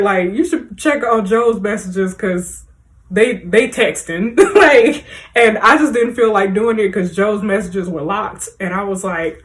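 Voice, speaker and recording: A woman doing let's play commentary, reading in-game messages aloud and talking straight to her viewers in a lively, chatty way. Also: medium pitch. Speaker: gaming video creator.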